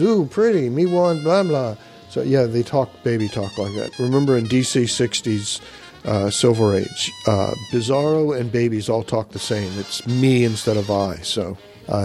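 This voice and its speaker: Guy rambling thru an old comic plot, mid pitch, lots of uhs. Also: darkish tone. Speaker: comic book commentator. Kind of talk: casual comic recap.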